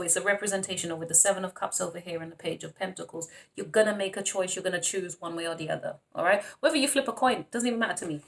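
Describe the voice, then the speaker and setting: An excitable tarot reader with a lowish voice gives a casual reading to camera. She laughs often and calls her viewers honey and darling.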